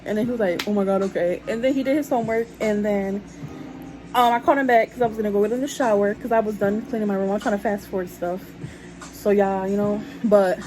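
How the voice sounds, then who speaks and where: A woman's voice: medium pitch, a little mellow, a little hiss or hum, rough recording. A young woman chatting casually to her viewers about her life, calling them y'all. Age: young adult. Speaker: vlogger telling a story. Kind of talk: casual storytime chat.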